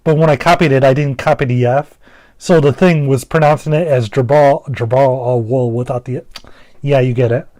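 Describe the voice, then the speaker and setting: A man's voice: medium pitch, steady tone, moderate pace, mellow, no room sound. A man giving casual, rambling gameplay commentary, full of fillers, restarts and the odd swear word. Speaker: gaming commentator.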